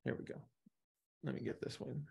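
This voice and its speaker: A man's voice: normal speed, a little mellow. A man teaching a live class, explaining with analogies and often checking in with "right?". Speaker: instructor.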